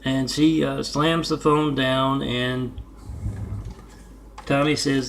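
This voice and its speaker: Man, mid-pitched, gravelly, rambling vlog talk, self-promoting, spells out addresses. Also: level tone, takes it slowly, long pauses, slight background noise. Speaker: artist vlogger.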